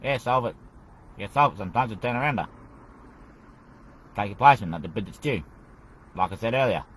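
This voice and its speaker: A man's voice: on the low side, expressive, a little fast, a bit bright, breathy edge, low-quality recording. A man hosting his own show, talking in a loose, rambling solo monologue. He repeats phrases over and over and keeps calling the listener "mate". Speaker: podcast host.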